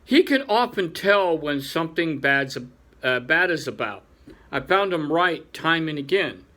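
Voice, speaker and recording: A man's voice: a little high, animated, a little slow, bright, forceful tone. A man voicing a polite, earnest young male rabbit in a storybook reading, speaking deferentially.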